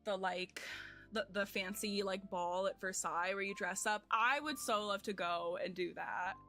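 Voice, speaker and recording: A woman's voice: mid-range voice, normal speed, bright, forceful tone, soft background music. A young woman streamer chatting casually with her viewers at home, rambling and self-deprecating with lots of fillers. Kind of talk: casual chat with chat while gaming.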